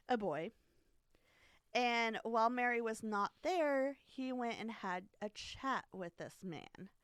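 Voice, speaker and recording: A podcast host, a woman, tells a story in a loose, rambling style with plenty of fillers and little giggles. Her voice sits fairly high. The close mic sounds dry, with no room echo. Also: a bit bright, smooth. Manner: rambling, many fillers and acted quotes, giggly. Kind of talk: casual storytelling chat.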